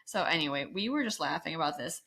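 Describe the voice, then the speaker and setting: A young adult woman co-hosting a podcast, chatting casually and telling stories with animated sarcasm. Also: low-pitched, fast, crowd noise. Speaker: podcast co-host. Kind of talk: casual chat.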